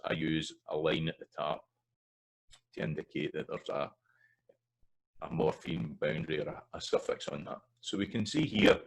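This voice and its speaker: A man's voice: extremely low pitch, vocal fry, rough recording. A man with a Scottish accent teaching pronunciation over slides, repeating vowel examples with loose, hesitant asides. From Scotland. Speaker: language teacher. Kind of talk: recorded slide lesson on pronunciation.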